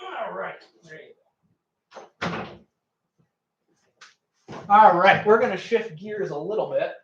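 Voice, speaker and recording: Young male animal educator, high voice, casual and chatty, echoey home room, slightly muffled. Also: lively intonation, takes it slowly, a bit bright. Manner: chatty, coos at his pets. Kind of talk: live-streamed animal show.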